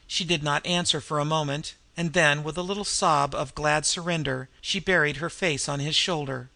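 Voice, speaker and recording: A man reading a novel aloud in measured storytelling narration. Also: a little high, steady tone, creaky, pushed and bright, no echo. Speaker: audiobook narrator. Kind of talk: scripted narration.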